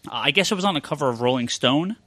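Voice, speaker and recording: A man hosting a casual podcast chat, talking shop as a comic book retailer and rambling with lots of filler pauses. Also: medium pitch, lively intonation, a bit bright, no echo.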